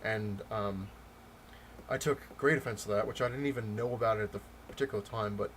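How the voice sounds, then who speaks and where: A man vlogging about comics, telling a story in a loose, rambling way with many pauses and restarts. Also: on the low side, slight background noise. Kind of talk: casual storytelling rant.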